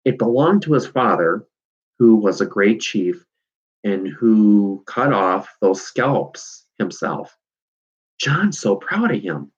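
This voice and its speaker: A man reading aloud and voicing a calm, practical pioneer girl, a little higher than his own voice. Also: slow pace, highs cut off. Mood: earnest. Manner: calm and sensible.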